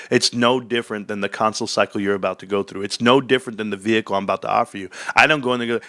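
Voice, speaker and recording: A man hosting casual commentary, talking energetically and acting out sales pitches in quoted voices. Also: fairly even intonation, racing, hardly any pauses, a bit bright, dry recording. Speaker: stock commentary host.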